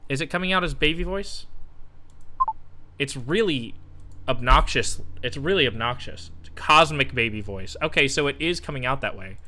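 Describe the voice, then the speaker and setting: A man live-streaming from home, muttering and swearing as he troubleshoots his mic and voice software. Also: medium pitch, lively intonation, normal speed, slight background noise. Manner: muttering, swearing while fixing audio setup. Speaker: game streamer. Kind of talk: casual live-stream chat. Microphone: desk microphone with voice software.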